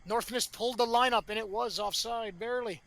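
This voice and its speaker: A man calling a live match play-by-play, excitable and rising to shouts at big chances, with colorful catchphrases. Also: very high-pitched, a little fast, creaky, a little hiss or hum. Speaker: play-by-play commentator. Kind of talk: live sports commentary.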